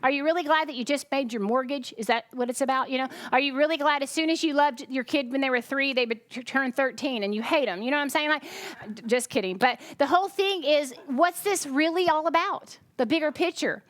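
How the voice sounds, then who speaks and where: A woman's voice: high voice, a little fast, fairly bright tone, no room sound. A tired woman preaching a chatty sermon, often breaking off to ask the congregation questions. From United States. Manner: chatty, self-interrupting, asks the congregation questions. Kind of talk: conversational sermon.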